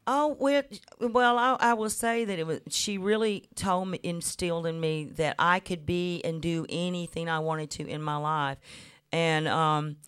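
A woman in her fifties, a guest musician on a radio show, telling lively stories with frequent laughs and little voice impressions. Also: lowish voice, measured pace, clean tone. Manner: warm laughing anecdotes, mimics voices. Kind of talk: chatty storytelling interview. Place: radio studio.

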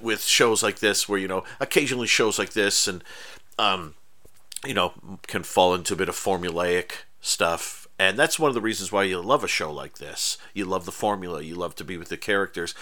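A man co-hosting a podcast in easy, casual chat. His voice is low and bright, and he stumbles and restarts his sentences often. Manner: halting, many restarts. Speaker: podcast co-host.

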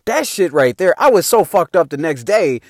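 An animated man recounts a wild night in a loose, profanity-laced storytelling style, laughing as he goes. His voice sits a bit high for a man and swings widely in pitch. The sound is dry and close, with no room echo. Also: moderate pace. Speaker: vlogger telling a personal story. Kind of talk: casual storytelling.

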